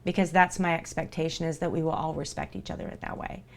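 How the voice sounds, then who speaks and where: A woman's voice: deep voice, steady tone, fast, creaky. A woman streamer talking live to her viewers in an earnest, reassuring way, repeating herself for emphasis.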